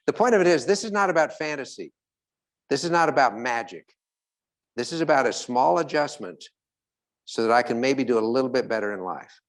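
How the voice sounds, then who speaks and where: A man giving a live motivational talk to an audience. He speaks at an ordinary middle pitch and stays animated throughout. He laughs often and slips into little character voices to make his points. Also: moderate pace, long pauses.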